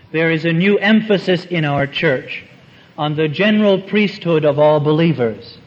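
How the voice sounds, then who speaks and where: A man with a slightly raised voice delivers a formal church address, earnest and measured, setting out each point in short phrases. The recording is muffled, with a lo-fi dullness. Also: a little high. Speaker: Catholic speaker. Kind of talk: formal talk on church renewal.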